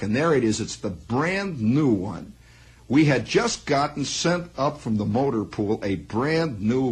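A man telling a long personal story in a spoken monologue, rambling and animated, acting out sounds. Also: mid-range voice, breathy edge, rough recording.

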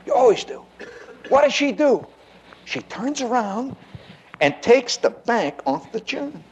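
High, lively male stand-up comic. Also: a little slow, vocal fry, a little hiss or hum. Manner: animated storytelling, frequent laughter, rhetorical questions to the audience. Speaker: comedian. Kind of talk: stand-up comedy routine.

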